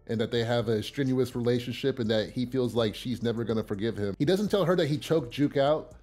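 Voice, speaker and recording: Regular guy talking through a show episode, chatty, lots of uh and restarts, mid-pitched voice. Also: brisk, soft background music. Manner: chatty, with fillers and repeated starts; gets loud and excited at big scene moments. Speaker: host recapping a TV episode. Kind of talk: casual recap vlog.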